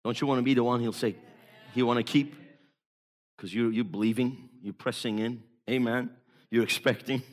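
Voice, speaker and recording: A man preaching a sermon as an evangelist, emphatic, moving between hushed storytelling and loud exhortation. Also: medium pitch, steady tone, moderate pace.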